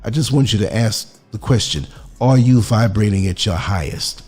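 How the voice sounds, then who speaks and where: A man's voice: lowish voice, moderate pace, darkish tone, husky, faint music behind. A man from the United States giving a reflective podcast monologue, earnest and musing, putting questions to the listener.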